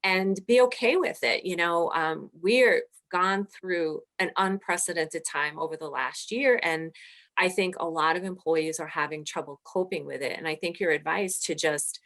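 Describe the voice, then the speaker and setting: A woman's voice: lowish voice, normal speed, a bit bright. A woman hosting an interview, talking in a chatty way and sharing personal anecdotes with frequent fillers. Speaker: podcast host. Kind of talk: conversational interview.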